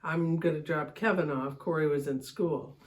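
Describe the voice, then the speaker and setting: Woman, middle-aged, podcast host, casual storytelling, animated, frequent laughter. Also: moderate pace. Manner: animated, laughs often, voice jumps high when excited.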